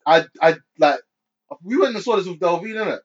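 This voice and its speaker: Hesitant man, fairly high voice. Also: animated, fairly quick. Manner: hesitant, restarts often. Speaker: podcast co-host. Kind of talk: casual chat. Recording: dull lo-fi sound.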